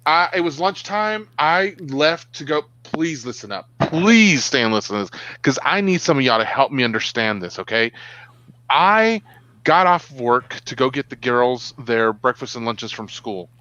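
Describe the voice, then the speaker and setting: A man co-hosting a casual online talk show, telling stories in an animated way. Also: medium pitch, moderate pace, no room sound, muffled recording. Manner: animated storyteller. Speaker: co-host. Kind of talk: casual chat.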